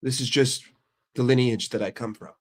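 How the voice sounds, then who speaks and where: A man's voice: mid-range voice, fairly even intonation, moderate pace. A young adult man from the United States hosting his channel, ranting casually with heavy swearing and a brash manner. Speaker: streamer and channel host. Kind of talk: casual profane rant.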